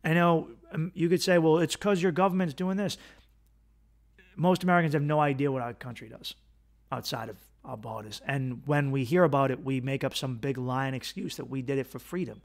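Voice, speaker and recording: Male podcast host, casual rant, swears freely, mixes history lesson with sarcastic jokes, average pitch. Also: brisk, creaky. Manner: animated, profane, ranting with sarcastic asides. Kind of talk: casual opinionated monologue.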